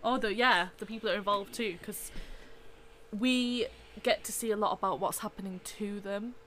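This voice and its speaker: Woman, artist, casual chat, agreeable, restates her points, middle pitch, faint background hiss. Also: normal speed, fairly bright tone. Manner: agreeable, backchannels often, rephrases her points.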